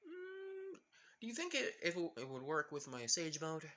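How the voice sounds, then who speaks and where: A polite, cheerful teenage boy hero, voiced by a man, with a raised, bright tone. His lightly sarcastic, lively lines swing up and down. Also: a little high, moderate pace, voice pushed up, exaggerated voice.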